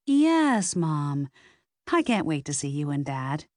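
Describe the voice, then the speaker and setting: A woman voicing a stressed young woman baker who sounds strained and forces brightness on the phone. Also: deep voice, big pitch swings, slow pace, dry recording, clean studio sound, heavily acted. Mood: forced cheer.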